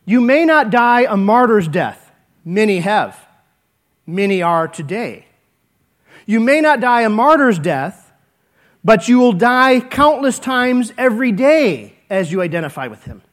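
A man preaching a sermon, earnest and repetitive, swinging between emphatic lines and hushed ones. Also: high-pitched, very animated, measured pace. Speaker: pastor.

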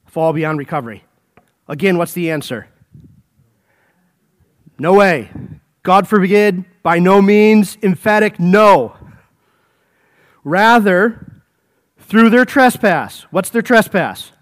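Male preacher, high voice, fervent repeating delivery, addresses folks. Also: lively intonation, slow, pauses often. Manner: exclaims and repeats phrases, addresses listeners as folks. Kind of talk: expository sermon.

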